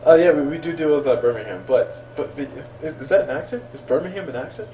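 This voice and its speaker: A man casting a game in casual chat, excitable and quick to laugh as he tells stories. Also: a little high, faint music behind. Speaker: game caster. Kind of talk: casual chat between casters. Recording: roomy, distant sound with faint room hum.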